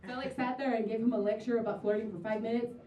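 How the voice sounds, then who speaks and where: A woman's voice: on the high side, fairly even intonation, very fast, mellow, a little hiss or hum. A young woman performing a stand-up comedy set, chatty and sarcastic, acting out the people in her stories. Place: comedy venue stage. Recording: distant roomy live recording, dull sound.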